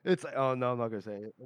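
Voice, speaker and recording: Podcast co-host, male, smooth resonant voice, dry close sound, lively storyteller. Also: medium pitch, no room sound. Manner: animated retelling with acted-out quotes and laughter. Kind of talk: casual book discussion.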